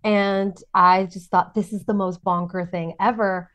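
Scratchy-voiced woman telling lively stories. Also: medium pitch, unhurried. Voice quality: scratchy, husky voice. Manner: lively storyteller acting out quoted voices. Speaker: voice actor guest. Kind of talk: casual podcast interview.

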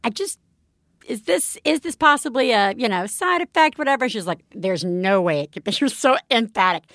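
A woman co-hosting a podcast in casual chat, telling a story with lively acted-out quotes. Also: on the high side, brisk, no echo, clean studio sound. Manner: animated storytelling, acts out quotes. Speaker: podcast co-host.

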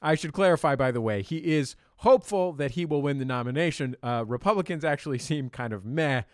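A man hosting a comedy quiz show, amused and lively, often chuckling. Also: medium pitch, a little fast, no echo, studio quality. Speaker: game show host.

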